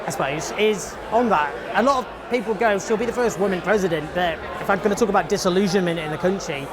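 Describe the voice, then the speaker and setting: A man's voice: high voice, fast talker. Probing male interviewer amid a crowd. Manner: probing, questioning. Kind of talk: street interview. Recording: street interview with a crowd behind.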